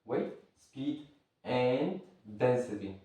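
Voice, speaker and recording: A man's voice: medium pitch, big pitch swings, drawn-out words, dark tone, distant mic. A man with as his teaches a martial arts lesson in an offhand, rambling way, stopping to search for words. He stands well back from the mic, and his voice rings around a very echoey room. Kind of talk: casual spoken lesson.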